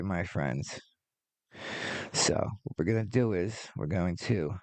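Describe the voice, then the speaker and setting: A man's voice: fairly low pitch, darkish tone, dry recording. A man in his forties hosting a podcast, ranting casually with lots of swearing and rambling asides. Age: 40s. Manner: profane, rambling, exasperated. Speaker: podcast host.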